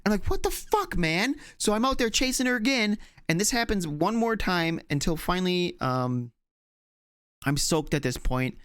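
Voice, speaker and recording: A man's voice: high-pitched, moderate pace, a bit bright, clean tone, no echo. Rambling man telling a story on a dry mic. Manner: rambling, many fillers and restarts, swears freely. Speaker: podcast co-host. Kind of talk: casual storytelling chat.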